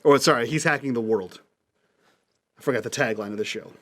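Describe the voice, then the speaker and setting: A man's voice: medium pitch, a little fast, a bit bright. Guy player in a tabletop game, keeps correcting himself, casual. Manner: rambling, self-correcting. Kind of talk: playing a character in a tabletop game.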